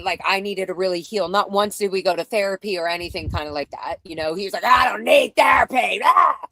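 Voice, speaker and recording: A woman's voice: medium pitch, a bit bright, dry recording, poor audio. Blunt, profane woman hosting a chat. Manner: blunt and profane, rambling, emotional. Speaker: show host. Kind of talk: casual livestream talk.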